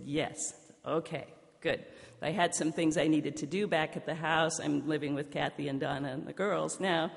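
A woman's voice: sits low, gravelly. A woman pastor preaching a sermon, telling a personal story in a conversational way. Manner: conversational storytelling, lively in the punchlines. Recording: long hall reverb.

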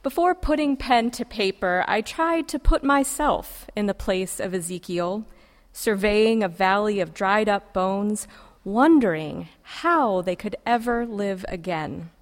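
A woman preacher delivers a sermon in an unhurried, deliberate cadence, letting poetic lines land with long pauses. Her voice sits at an ordinary middle pitch. A long reverb trails her words through a large church sanctuary. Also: lively intonation. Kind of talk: sermon with a recited poem.

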